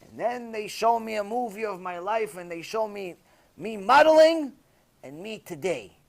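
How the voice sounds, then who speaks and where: Man, rabbi, high voice, animated sermon storytelling, acts out quotes, loud to hushed. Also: moderate pace, creaky. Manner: animated, acting out quoted voices with big swings from shouting to near-whisper.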